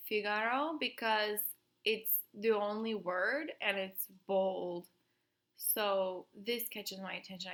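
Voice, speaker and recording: A woman teaching an art lesson to young children, explaining gently and asking questions aloud. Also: medium pitch.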